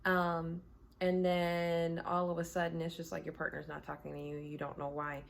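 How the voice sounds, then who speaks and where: A woman's voice: lowish voice, monotone, normal speed, gravelly. A woman who reads tarot, talking casually from her home in a blunt, candid, conversational way. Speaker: tarot reader. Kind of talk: casual chat.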